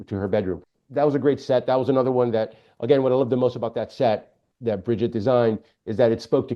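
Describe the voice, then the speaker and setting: A man working as a film director, telling behind-the-scenes stories in a relaxed interview, with frequent hesitations. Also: medium pitch. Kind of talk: casual interview chat. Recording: dull lo-fi sound.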